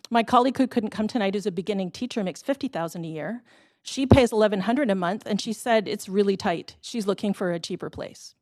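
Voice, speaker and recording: A woman's voice: medium pitch, brisk, darkish tone, no room sound, clean studio sound. A woman in her thirties or forties speaking at a city council public hearing, impassioned and pleading, with brief laughs.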